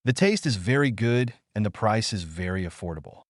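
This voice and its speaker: A man's voice: lowish voice, expressive, a little fast, no room sound, clean studio sound, close to an everyday voice. A man voicing a polite, curious young man who is a college student.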